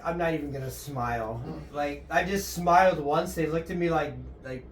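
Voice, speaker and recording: Young male co-host, joking and profane; roomy recording, distant mic. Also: a little high. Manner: joking, swears, quick interjections. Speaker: podcast co-host. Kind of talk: casual chat. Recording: echoey room, distant mic, faint noise.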